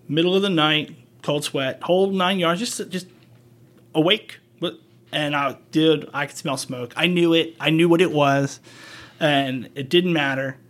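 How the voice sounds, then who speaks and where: Medic dude on a podcast, kinda high voice, blunt, swears, tells it straight. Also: male voice, fairly bright tone. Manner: blunt, profane storytelling. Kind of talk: casual conversation.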